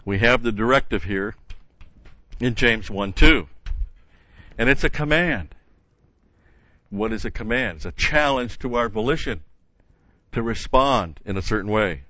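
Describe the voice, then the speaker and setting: A man's voice: on the low side, animated, measured pace, pauses often, bright, forceful tone, dry recording. Earnest male Bible teacher, dry muffled sound. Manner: earnest, emphatic, with frequent fillers and restarts.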